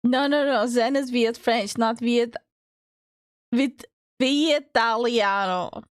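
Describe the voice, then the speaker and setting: A woman's voice: on the high side, slow, no room sound, clean studio sound. Laughing, teasing woman streamer. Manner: teasing, swears and laughs often. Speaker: streamer co-host. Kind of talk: casual stream chat.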